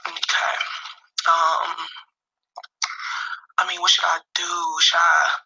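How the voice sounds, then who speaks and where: Woman, singer talking to fans, casual, heartfelt, emotional, casual swearing, bright tone. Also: on the low side, little pitch movement, slow pace, vocal fry, low-quality recording. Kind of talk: casual direct-to-camera talk.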